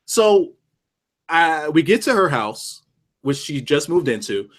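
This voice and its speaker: Lively young man telling a story. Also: fairly high pitch, slow pace. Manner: animated storyteller, lots of restarts and swearing. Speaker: podcast co-host. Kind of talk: casual storytelling chat.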